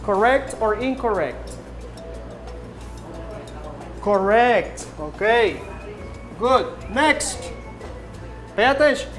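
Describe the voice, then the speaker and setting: A woman teaching English to a classroom, speaking very slowly and clearly in a fairly high voice. She repeats each prompt several times to drill her students. Faint music plays in the background. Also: lively intonation. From Nicaragua.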